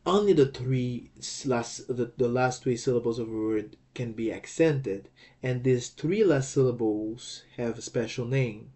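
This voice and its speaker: Male teacher, mid pitch, unhurried and patient, spells out each syllable and checks understanding often. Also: warm tone. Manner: patient, repeats and checks with "okay?"; sounds out words syllable by syllable. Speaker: language teacher. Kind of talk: slow explanatory lecture.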